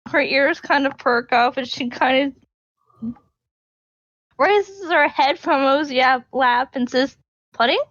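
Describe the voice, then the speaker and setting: A woman speaking very slowly and deadpan as a tabletop player. Her voice sits a little high, and the audio is dull and lo-fi. The sound is close and dry. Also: dry recording. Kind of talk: playing a tabletop game.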